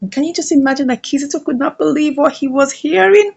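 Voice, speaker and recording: A chatty woman recaps a drama series in a casual, animated way. Her voice is high and she narrates freely, pausing to ask her listeners questions. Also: gravelly. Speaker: movie reviewer.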